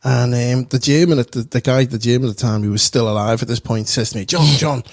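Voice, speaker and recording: A man as a podcast guest telling an anecdote in an animated, profane, laughing manner. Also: medium pitch, fast, no room sound, clean studio sound. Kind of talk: casual storytelling.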